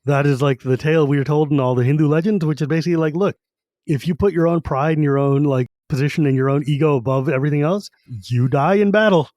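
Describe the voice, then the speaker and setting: A man's voice: a little high, fast, a little mellow, dry recording, studio quality. A man hosting a podcast, casually retelling a book chapter in a rambling way. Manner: rambling retelling, lots of "he's like". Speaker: podcast host.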